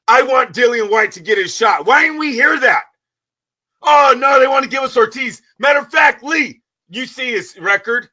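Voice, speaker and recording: A very high-pitched man with a sharp, intensely bright tone holds the floor on a boxing talk show. He rants loudly and swears freely, firing off heated questions at his co-host and listeners. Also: highs cut off. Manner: loud, profane, ranting. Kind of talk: heated sports talk rant.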